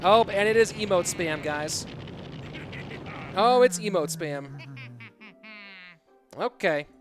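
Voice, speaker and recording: A man's voice: high-pitched, animated, takes it slowly. A man casting a game tournament on a live stream, chatty and talking straight to his viewers. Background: music.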